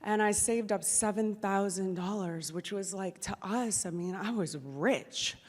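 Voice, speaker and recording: A middle-aged woman from New Orleans telling an animated personal story in an excitable, chatty way. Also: mid-range voice, measured pace. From New Orleans, USA. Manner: excitable, chatty, acts out her own past talk. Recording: long hall reverb.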